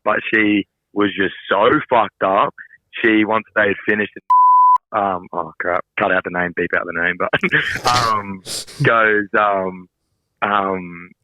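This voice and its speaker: A young Australian man on a phone call, telling a story in an animated way, laughing and swearing freely. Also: on the low side, no room sound. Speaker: podcast co-host calling in. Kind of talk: casual storytelling.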